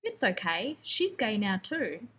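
A woman's voice: mid-range voice, very animated, slow pace, a bit bright, slight background noise. A woman voicing a prickly, arrogant male genius scientist stuck in a woman's body, snapping and ranting in exasperation. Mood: shocked, babbling.

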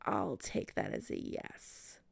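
A soft-spoken young man murmurs in a low, half-whispered voice, as a woman reading a story puts him on. The tone is gravelly and slow. The recording is dry and close. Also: very animated, dry recording, exaggerated voice. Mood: hushed.

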